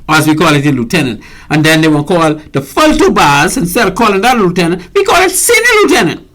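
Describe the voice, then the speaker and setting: A man's voice: on the high side, fairly bright tone. An older man with a Bahamian accent hosting a radio talk show, speaking emphatically and often repeating words as he gathers his thoughts. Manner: emphatic, repeats words while searching, indignant.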